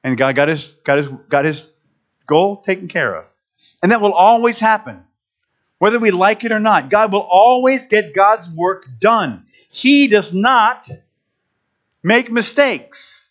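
Animated, joking male preacher. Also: sits high, normal speed. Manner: animated, humorous, self-interrupting. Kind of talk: conversational sermon. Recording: dull lo-fi recording.

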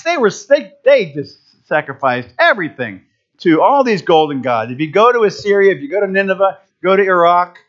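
A man preaching a casual, humorous sermon, often restarting his phrases. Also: high voice. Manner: animated, humorous, self-interrupting. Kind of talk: conversational sermon. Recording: dull lo-fi recording.

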